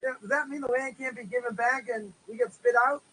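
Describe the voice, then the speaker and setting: A man's voice: very high-pitched, steady tone, brisk, bright, forceful tone, low-quality recording. A man teaching a religious course as a rabbi, in a casual lecture style full of "you know" fillers, who tells stories and acts out their voices. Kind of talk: informal lecture. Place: Israel.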